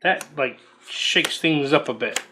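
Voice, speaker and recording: A man's voice: on the high side, measured pace, background noise. A man casually reading out trading card text as he opens booster packs, musing aloud between cards. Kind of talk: casual unboxing commentary.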